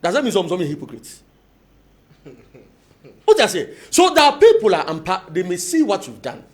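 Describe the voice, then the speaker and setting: A man with a Ghanaian accent arguing as a panelist on a political talk show, mixing two languages in animated debate. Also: sits high, normal speed. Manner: animated, mixes Twi and English.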